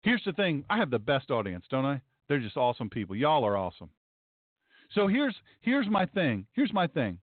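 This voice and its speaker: A man's voice: medium pitch, huge pitch swings, normal speed, no room sound. A male pastor hosting a commentary show, talking in a sarcastic, emphatic way and often repeating his phrases. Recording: dry, tinny phone-like sound.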